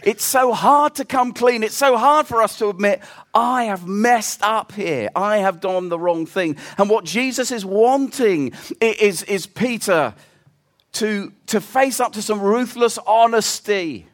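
A man preaching a sermon, telling stories with lively, animated delivery and acting out quoted voices. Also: high-pitched, a little slow. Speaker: pastor.

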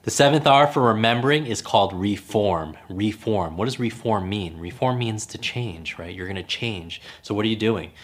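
A man's voice: fairly low pitch, expressive, normal speed, few pauses. A man hosting a brain-training podcast as a coach, teaching energetically and repeating key phrases for emphasis.

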